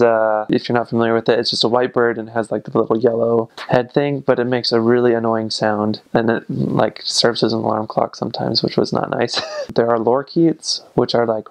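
American male vlogger, mid-range pitch, gravelly, rambly and easygoing. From United States. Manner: rambling, fills with "like" and "I don't know". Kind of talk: casual vlog talk.

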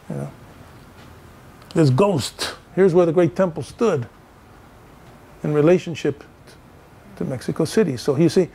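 An older male professor gives a lecture in a fairly high voice. He tells animated stories and acts out the dialogue in them. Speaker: professor giving a talk. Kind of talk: storytelling lecture.

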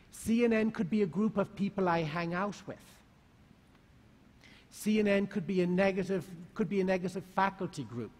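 High-voiced man speaking in a hall. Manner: lively, rhetorical questions to the audience. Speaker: conference speaker. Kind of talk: talk to a live audience. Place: large conference hall. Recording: long hall reverb.

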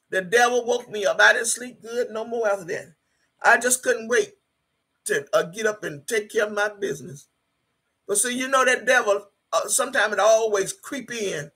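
A woman in her sixties with a bright, sharp, husky voice on a livestream. She reads out viewer comments and preaches with fervor, driving her phrases home by repeating them. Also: mid-range voice. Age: 60s. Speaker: livestreaming YouTuber. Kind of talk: emotional livestream chat reading viewer comments.

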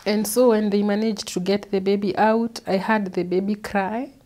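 A woman, an interview guest, recounting a painful personal story in an earnest, halting way, often repeating words. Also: medium pitch, level tone, dark tone. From Kenya. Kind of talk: personal testimony.

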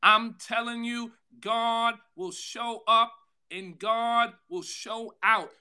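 A man pastor giving a devotional sermon, calling out to listeners by name, with a drawn-out delivery and sudden loud bursts. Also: very high-pitched, steady tone, clear, resonant tone. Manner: preaching with call-outs to listeners by name.

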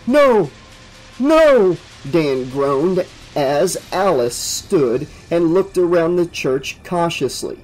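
A man reading a horror novel aloud as an audiobook, in a steady, vivid storytelling manner. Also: a little high, takes it slowly, hardly any pauses, soft background music, rough recording. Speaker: audiobook narrator.

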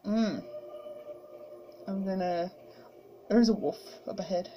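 A woman's voice: medium pitch, very animated, extremely slow, pauses often, mellow, slightly rough, faint music behind, rough recording. A woman chatting casually while playing a game, giggling, yawning and talking to the characters on screen. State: sleepy, yawning. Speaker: gamer. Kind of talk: casual gameplay commentary.

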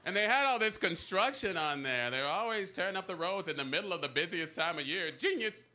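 A man doing a stand-up set in a comedy club, his voice sitting a little high for a man. He keeps it conversational and keeps throwing rhetorical questions at the crowd. The live recording carries a clear layer of noise. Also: animated, fairly quick. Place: comedy club stage before a live audience. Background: audience laughter.

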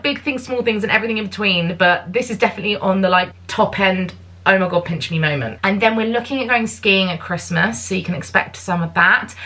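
A woman's voice: medium pitch, bright, forceful tone. A woman in her thirties from the UK, chatting casually to camera in a bubbly, filler-filled way. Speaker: vlogger.

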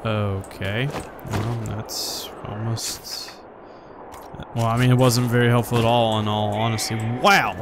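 A man's voice: lowish voice, little pitch movement, measured pace, background noise. Rambling, swearing male game streamer. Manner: rambling, swearing, talks to himself. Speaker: gaming streamer. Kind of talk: let's play commentary. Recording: voice over loud game music.

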